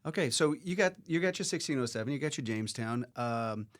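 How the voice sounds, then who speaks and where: A man's voice: mid-range voice, expressive, brisk. A man co-hosting a history review podcast, explaining with a joking, meandering manner. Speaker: teacher and podcast co-host. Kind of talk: casual history review chat.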